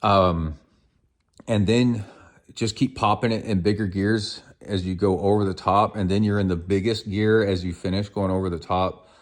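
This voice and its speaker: This endurance sports podcast host talks casually while on the move, his fairly low voice holding a steady tone at a moderate pace. He tells rambling stories heavy with filler words like "um" and "uh."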